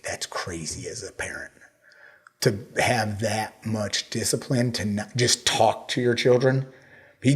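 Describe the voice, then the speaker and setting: A middle-aged man, a jiu-jitsu coach, talking candidly and bluntly as a podcast guest, swearing freely. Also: mid-range voice. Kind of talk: casual conversation.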